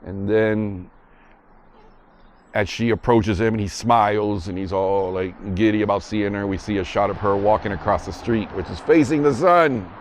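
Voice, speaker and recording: A man's voice: lowish voice, normal speed, slight background noise. A man casually narrating a vlog outdoors, chatting as he walks through a parking lot and ballpark with a handheld camera. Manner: relaxed, chatty, retells scenes as he walks. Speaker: vlogger visiting filming locations.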